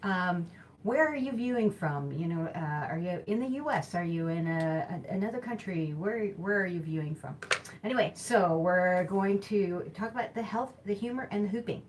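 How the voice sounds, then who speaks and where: Woman, Midwestern accent, lowish voice, chatty live-stream host, rambling, faint background hiss. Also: lively intonation, moderate pace. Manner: chatty, rambling, self-correcting. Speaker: host of a live hula hooping show. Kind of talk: casual live-stream chat.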